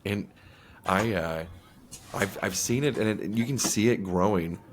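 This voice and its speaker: A lower-pitched man co-hosting a podcast, drifting through rambling stories and slipping into acted-out quotes along the way. Easygoing, casual chat. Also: a little slow, slight background noise. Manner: rambling storyteller, acts out quotes. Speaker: podcast co-host.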